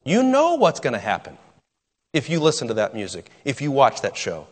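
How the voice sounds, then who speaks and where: A man's voice: mid-range voice, wildly swooping pitch, moderate pace, long reverb tail. A man preaching a sermon as pastor, emphatic and full of rhetorical questions, often restarting his sentences.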